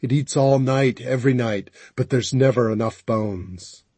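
A man reading an audiobook, voicing a feverish, wounded bandit who mutters slowly in a breathy, husky voice. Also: mid-range voice, mellow, no echo. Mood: delirious. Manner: slow, rambling, breathy muttering. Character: delirious wounded male bandit, feverish and haunted.

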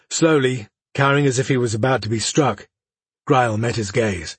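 A man narrating a fantasy novel in a measured, even storytelling voice. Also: mid-range voice, breathy edge, dry recording. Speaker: audiobook narrator. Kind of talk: scripted narration.

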